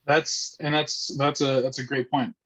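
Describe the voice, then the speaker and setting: A man's voice: mid-range voice, level tone, measured pace, a bit bright, husky, rough recording. A man facilitating an online group discussion, speaking hesitantly with many ums and restarts.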